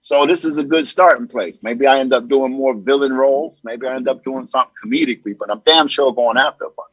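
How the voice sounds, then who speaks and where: A male comedian chatting as an interview guest in a loose, animated storytelling way. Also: medium pitch, fast talker, husky, no echo, rough recording. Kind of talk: casual interview chat.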